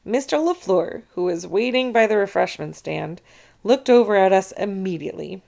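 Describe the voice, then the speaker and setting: A woman reading a children's chapter book aloud, narrating with expressive storytelling. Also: medium pitch, moderate pace, gravelly.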